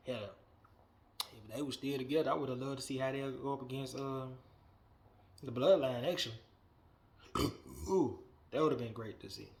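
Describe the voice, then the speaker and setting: A man hosting a wrestling podcast, giving a blunt, profane, animated opinion rant that swings between muttering and loud outbursts. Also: medium pitch, normal speed, long pauses, slight background noise.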